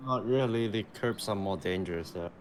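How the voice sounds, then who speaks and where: A man chiming in on a live sim race broadcast with short, quick reactions to the action. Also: on the low side. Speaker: sim racing co-commentator. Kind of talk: live esports race commentary. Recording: noisy stream audio.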